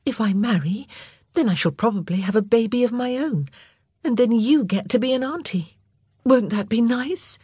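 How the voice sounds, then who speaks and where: A woman voicing a patient young woman who gently soothes her younger siblings in an audiobook. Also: on the high side, lively intonation, moderate pace, slightly rough, dry recording, clean studio sound, voice pushed up. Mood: soothing.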